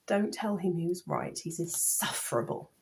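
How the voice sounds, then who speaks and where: A woman vlogging about knitting, talking in a rambling, chatty way and gushing with excitement, sounding tired. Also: fairly low pitch, normal speed, vocal fry, background noise. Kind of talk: casual chatty vlog.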